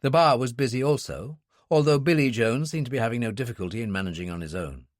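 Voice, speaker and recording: A man narrating a thriller audiobook in a steady, expressive storytelling voice. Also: medium pitch, fast talker, dry recording, clean studio sound. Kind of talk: scripted narration.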